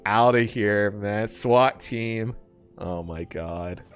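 A man streaming a game live, bantering with his chat, laughing often and getting loud and defensive when teased. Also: on the low side, very slow, clean tone, faint music behind.

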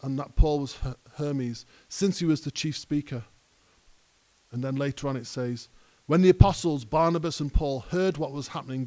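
A man's voice: on the high side, darkish tone. A male pastor preaching a conversational sermon that rises to emphatic peaks. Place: church hall.

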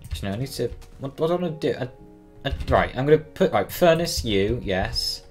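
A man's voice: mid-range voice, expressive, fairly quick, darkish tone, soft background music. A teenage boy from Cornwall giving casual, flustered gameplay commentary, swearing often and yelping when scared. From Cornwall, England. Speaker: gaming channel host.

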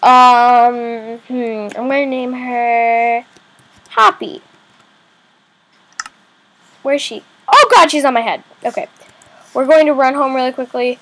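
A female gaming YouTuber chatting excitedly as she plays, often squealing and shouting at the game. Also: high-pitched, takes it slowly, pauses often, poor audio. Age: young girl per page; adult voice unsure. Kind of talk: game commentary.

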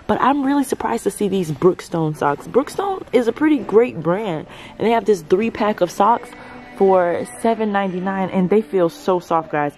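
A woman vlogging as she browses a large store, gushing over products and talking to her viewers. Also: medium pitch. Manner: gushing, excitable, addresses viewers as y'all. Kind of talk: shopping vlog narration.

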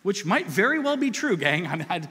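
A man preaching a sermon as pastor, animated and conversational, with asides to the congregation. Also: sits high, a little fast, slightly rough, long reverb tail.

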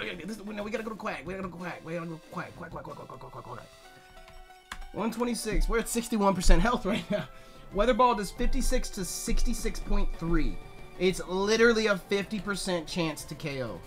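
Guy swearing thru a game run, sharp bright voice going hoarse, shouts then mutters numbers. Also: high-pitched, expressive, a little fast, faint music behind. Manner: swings between yelling and muttering calculations; swears a lot. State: voice strained from yelling. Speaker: gaming YouTuber. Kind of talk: let's play commentary.

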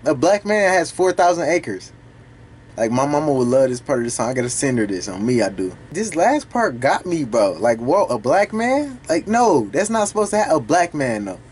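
A man recording casual reaction commentary for a video, talking back to the song in an animated, profane way. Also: mid-range voice, a little fast, slight background noise. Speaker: music reaction YouTuber.

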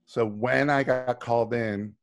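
A middle-aged man joins a live video call as a guest and tells stories with lots of energy, imitating the people he quotes and cursing freely. His voice sits in the mid range, with fairly even intonation and an unhurried pace.

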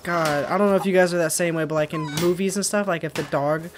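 A woman's voice: lowish voice, fairly even intonation, quick pace, noisy background. A woman giving casual let's-play commentary, emotional and chatty. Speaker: gamer.

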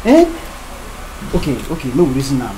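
A woman's voice: very deep voice, big pitch swings, normal speed, noisy background. A woman speaking with a Nigerian Pidgin accent, playing a friend who pleads and stammers while bargaining. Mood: pleading. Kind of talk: film drama acting.

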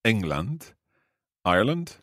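A Scottish man with a deep, slightly husky voice hosts a language lesson podcast. He repeats phrases slowly and carefully, with lots of rise and fall in his pitch. The sound is dry and close, with no room around it. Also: big pitch swings, fairly bright tone, no echo. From Scotland. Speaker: podcast host and language learner.

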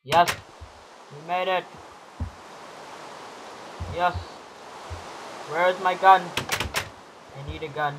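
A young man with a cough and cold, reacting excitedly as he plays a game and talks to viewers. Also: sits high, takes it slowly, pauses often. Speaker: gamer. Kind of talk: casual gameplay commentary. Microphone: built-in computer microphone. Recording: noisy built-in computer mic. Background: loud rain.

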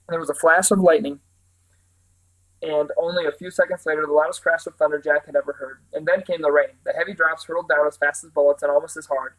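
A man narrating a children's storybook aloud in a steady, plain way. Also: on the high side, fast talker, rough recording. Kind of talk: reading a children's book aloud.

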